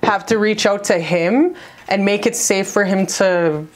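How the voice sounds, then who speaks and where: A woman's voice: mid-range voice, measured pace. A woman talking straight to the viewer in a casual spiritual love reading. She is brash and cheerfully profane, hyping the listener up like a pep talk. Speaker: tarot reader.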